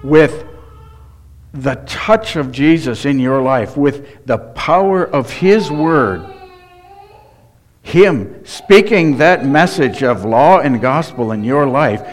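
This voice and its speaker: A male pastor delivering a sermon at an unhurried pace, in a voice of ordinary middle pitch. He speaks earnestly and with emphasis. He keeps turning to the listeners with direct questions. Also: lively intonation.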